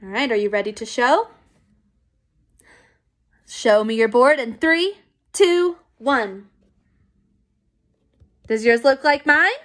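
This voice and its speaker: A woman teacher giving a recorded phonics lesson to young children, encouraging and clear. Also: fairly high pitch, fairly bright tone. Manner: slow, clear, encouraging classroom pacing.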